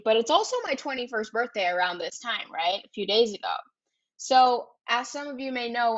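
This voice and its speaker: A woman's voice: fairly high pitch, dull audio. Chatty young woman telling her story. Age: 20s. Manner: candid and chatty, swears freely, many "like" and "right?" tags. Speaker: podcast host. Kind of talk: casual personal storytelling.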